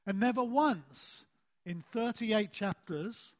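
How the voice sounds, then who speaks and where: High-voiced, slow-speaking male preacher. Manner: deliberate, with emphatic phrase endings that fall soft; animated storytelling with a rising voice. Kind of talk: sermon.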